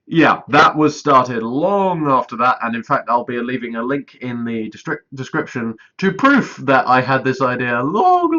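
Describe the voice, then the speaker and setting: A man's voice: mid-range voice, bright, forceful tone, muffled recording. A man casually rambling through a vlog update, self-deprecating and often stalling mid-sentence as he calls for voice auditions. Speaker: YouTuber directing a voiced let's play.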